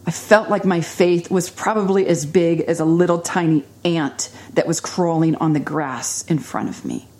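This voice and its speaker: A middle-aged woman giving an earnest, emotional personal testimony in a sermon, dropping to hushed tones at times. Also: on the low side. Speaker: speaker sharing a faith testimony.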